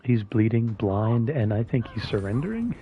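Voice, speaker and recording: A man's voice: mid-range voice, sing-song, normal speed, narrow, tinny audio, slight background noise. A man casually thinking aloud as he plays a game, talking with a mint in his mouth. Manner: mumbly and musing, thinking aloud. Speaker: gameplay streamer. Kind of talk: casual gameplay commentary.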